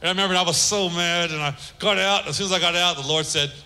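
A middle-aged man preaching a sermon as pastor, animated, swinging between loud emphasis and soft, low asides. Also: quick pace. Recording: echoey hall with long reverb.

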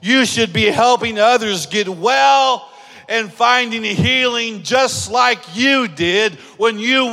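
A man preaching a sermon as pastor, telling stories and acting out dialogue, building up to shouting. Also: sits high. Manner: animated storytelling, acts out dialogue, builds to shouting. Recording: long hall reverb.

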